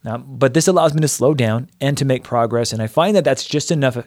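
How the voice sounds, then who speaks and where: A man co-hosting a podcast and talking casually through a Bible passage, thinking aloud and animated. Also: mid-range voice, a little fast, dry recording. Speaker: podcast co-host, pastor.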